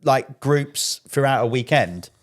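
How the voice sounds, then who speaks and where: A man's voice: mid-range voice, animated, slow. A man hosting a casual podcast, asking curious questions and often restarting his sentences. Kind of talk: casual interview chat.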